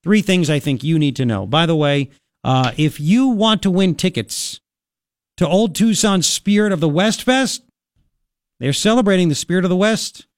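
Sarcastic talk radio host, dry studio sound. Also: male voice, high voice, animated, moderate pace, no echo. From Long Island, New York. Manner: sarcastic, jokey, many fillers and restarts. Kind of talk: opinionated talk radio monologue. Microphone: studio microphone.

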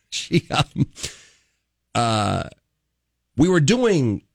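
A man co-hosting a morning talk show, telling rants and stories in a lively, animated way. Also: mid-range voice, drawn-out words, gravelly, husky, no echo, clean studio sound. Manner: animated, ranting storyteller. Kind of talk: casual chat.

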